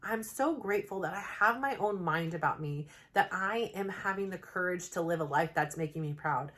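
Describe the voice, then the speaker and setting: A woman's voice: on the low side, normal speed, a bit bright. A woman and mother talking to camera in a rambling, earnest self-help vlog, heartfelt and full of filler words. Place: home, new plain backdrop.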